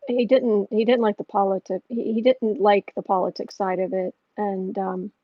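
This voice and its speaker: A woman with a husky, breathy voice muses through an astrology and tarot reading on a casual livestream. The sound is close and dry, with a dull, lo-fi edge to the stream audio. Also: mid-range voice, level tone, normal speed, dry recording. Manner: musing, thinking aloud.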